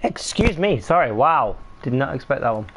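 A man's voice: mid-range voice, sing-song, moderate pace, husky. A young man streaming a game live, commenting on the play and swearing in frustration. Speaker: gaming streamer.

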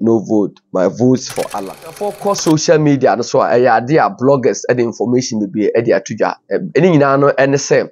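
A man's voice: mid-range voice, a little mellow. Ghanaian man hosting online news commentary. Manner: switches between Twi and English, informal asides. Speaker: news show host. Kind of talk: commentary reading viewer comments. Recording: dull lo-fi audio.

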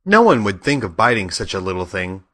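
A man's voice: big pitch swings, fairly quick. A man voicing a whiny cowardly lion. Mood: sad. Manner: plaintive, high and loud. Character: cowardly male lion, big, timid and whiny. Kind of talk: audiobook character voice.

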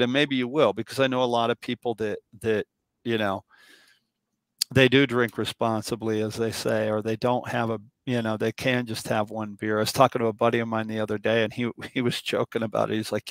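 A man's voice: fairly low pitch, a little fast, no echo. A man hosting a casual conversation, telling stories with lots of restarts and asides. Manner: rambling, animated storyteller with many restarts. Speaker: podcast host.

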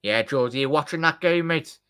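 A man hosting a live football watchalong, chatting to viewers and reacting excitedly to the play. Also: on the high side, moderate pace, smooth. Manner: excitable, chatty, addresses chat directly. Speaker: watchalong host.

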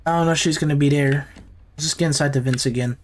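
A man's voice: fairly high pitch, fairly even intonation, fast talker, a little hiss or hum. Jumpy young man playing a horror game. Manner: jumpy, nervous, talks to himself. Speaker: gaming YouTuber.

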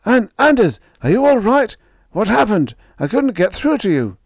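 A man's voice: high voice, animated, moderate pace, darkish tone, dry recording, clean studio sound, pitched above the performer's own voice. A man voicing a frantic male ground controller calling a test pilot over the radio, pressing and urgent.

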